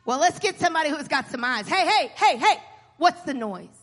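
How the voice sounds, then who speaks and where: A woman's voice: high-pitched, lively intonation, a little fast, a bit bright, voice pushed up. A woman voicing a blind male beggar who is desperate and eager, crying out at full voice, in a reverberant hall. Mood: curious, excited. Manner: cries out at full voice.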